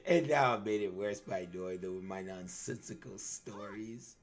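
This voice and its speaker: A downcast, self-blaming young student who mumbles apologies in a low, hushed voice, as a man puts him on while reading a game. A gravelly rasp runs through the quiet words. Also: moderate pace, soft background music, lightly acted. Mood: despairing. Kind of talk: reading game dialogue aloud.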